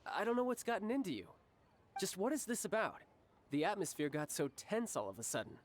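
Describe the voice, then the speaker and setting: Childe, a sly, teasing agent. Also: male voice, high-pitched, sing-song, fairly quick, a little hiss or hum.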